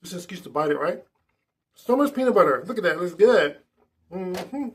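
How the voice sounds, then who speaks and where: A man's voice: high voice, expressive, brisk, breathy edge. A man hosting a casual snack tasting vlog indoors at a table, chatty and enthusiastic with loose restarts. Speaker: food vlogger.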